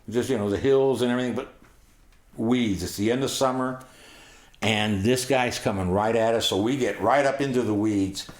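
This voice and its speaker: A man's voice: mid-range voice, roomy sound. A man in his sixties telling a story from his own life in a vivid, rambling, profane way. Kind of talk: first-person storytelling.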